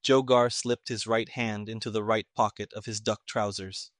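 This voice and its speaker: A man narrating a story as an audiobook narrator, reading in a steady, even way. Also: on the low side, moderate pace, no echo, clean studio sound.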